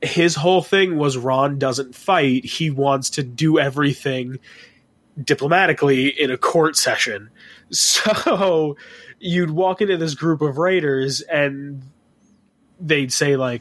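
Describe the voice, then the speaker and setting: A young man swaps tabletop game stories on a casual podcast, swearing freely and getting animated as he goes. His voice sits a touch high for a man. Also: measured pace. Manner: animated, profane, storytelling.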